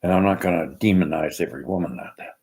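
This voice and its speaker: An older man from Canada telling rambling personal stories, animated, acting out the people he quotes. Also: sits low, fast, reverberant, low-quality recording. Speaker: vlogger.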